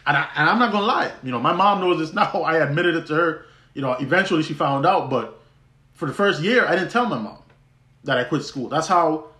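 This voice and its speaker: Young man, podcast host, personal story, chatty and restarting often, slightly high voice. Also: animated, brisk, sharp tone. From U.S. Virgin Islands. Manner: conversational, many restarts, laughs easily. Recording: roomy echo.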